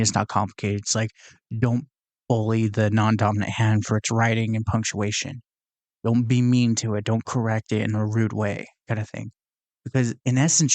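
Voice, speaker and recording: A young man with a low, slightly mellow voice and no room sound hosts his own podcast. He rambles casually and earnestly through his reflections, full of fillers and restarts.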